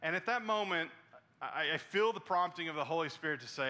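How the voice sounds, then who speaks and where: A man preaching a sermon as pastor, telling a personal story earnestly and dropping to a soft hush at the tender parts. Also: on the high side, fast.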